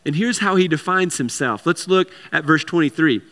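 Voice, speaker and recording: A man's voice: fairly high pitch, lively intonation, moderate pace, a bit bright, big-room sound. A man preaching a sermon in a conversational way, with repeated words and casual asides. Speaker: pastor.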